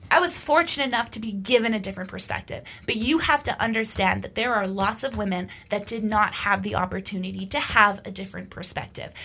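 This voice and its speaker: Bright, forceful woman podcaster. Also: medium pitch. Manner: emphatic and blunt, with profanity. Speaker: podcast host. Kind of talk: casual opinionated monologue.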